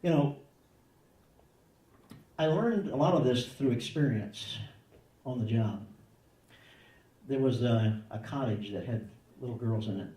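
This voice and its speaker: A man's voice: medium pitch, unhurried, pauses often, dark tone, echoey room, recorded from a distance, low-quality recording. A man answering parenting questions in a conversational way, acting out little dialogues in changing voices. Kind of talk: conversational advice talk.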